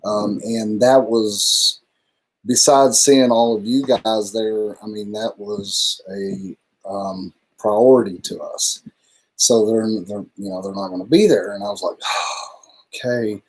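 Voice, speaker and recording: A man's voice: fairly low pitch, fairly even intonation, slow, breathy edge. A man co-hosting a casual live stream, talking in a loose, rambling way and swearing freely. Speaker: livestream co-host.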